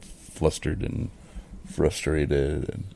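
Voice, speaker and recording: Male co-host, low and gravelly, loose chatty delivery that leans into quoted back-and-forth. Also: little pitch movement, drawn-out words, warm tone. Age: adult in recovery, speaking of early sobriety. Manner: conversational, with many fillers, acts out his own quoted replies. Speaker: podcast co-host. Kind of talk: casual chat.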